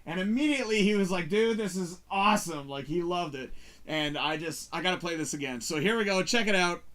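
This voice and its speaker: Man, show host, casual rambling talk, animated, slightly high voice. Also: a little fast. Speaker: show host reviewing movies.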